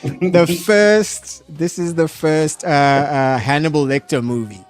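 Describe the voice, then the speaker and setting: An animated man hosts a casual live-stream game show, hesitating, restarting and laughing often. His voice sits a little high. Faint music plays behind him. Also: slow pace. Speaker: host.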